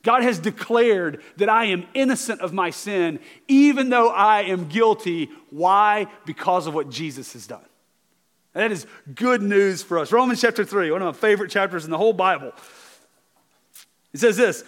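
A high-voiced man preaching in a church. His voice carries a long reverb through the big sanctuary. He talks earnestly and keeps checking in with his listeners. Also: lively intonation, moderate pace, fairly bright tone. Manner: earnest, repeats words, asks okay to the congregation. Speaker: pastor. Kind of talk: sermon.

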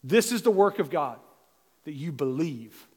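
A man with a Southern US accent preaching a sermon as pastor, earnest and emphatic, with quick self-mocking asides. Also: a little high, animated, a little mellow, husky. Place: church sanctuary. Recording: long hall reverb.

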